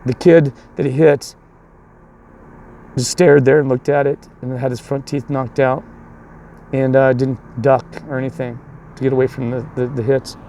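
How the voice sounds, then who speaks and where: A man with a mellow, fry-heavy voice tells a rambling story about coaching, stumbling over restarts and acting out the people in it. He then shifts into preaching. His tone stays low and gravelly throughout. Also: flat delivery, normal speed, pauses often, a little hiss or hum. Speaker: youth baseball coach.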